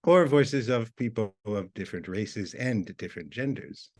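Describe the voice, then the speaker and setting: A man giving an academic video lecture as a university lecturer, explaining in a measured way. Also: lowish voice, lively intonation, darkish tone.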